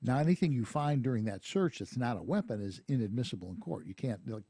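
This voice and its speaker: Husky-voiced man telling a story on radio. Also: medium pitch, fast talker, no room sound, clean studio sound. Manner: storytelling, animated, laughs often. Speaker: radio show host. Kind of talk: casual radio chat, anecdote telling. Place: radio studio.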